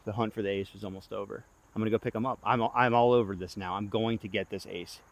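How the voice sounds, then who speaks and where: A young man filming himself outdoors, giving excitable play-by-play of his own throws as he talks to himself, pleading and groaning. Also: fairly low pitch, quick pace, creaky. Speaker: disc golf vlogger. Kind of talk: self-filmed play-by-play commentary. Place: outdoor disc golf course.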